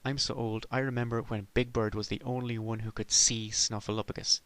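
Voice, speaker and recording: A man's voice: fairly low pitch, level tone, a little fast, a bit bright. A middle-aged man from Ireland delivering a sardonic, rambling comic monologue as a podcast host.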